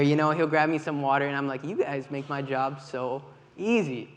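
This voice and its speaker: A man giving a church talk, telling lively stories with quoted dialogue. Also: on the high side, brisk. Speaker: volunteer leader with kids. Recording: long hall reverb, faint ambience.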